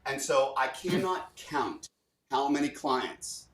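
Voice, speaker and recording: Animated man coaching from afar. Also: medium pitch, slow pace. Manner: emphatic, demonstrative, repeats for effect. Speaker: guest communication coach. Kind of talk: animated explanation with spoken demos. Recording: roomy sound, far from mic.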